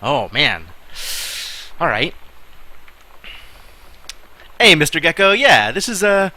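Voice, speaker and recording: A man streaming a game, musing aloud in casual commentary with wry asides and quiet mutters. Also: a little high, very animated, slow pace, no echo.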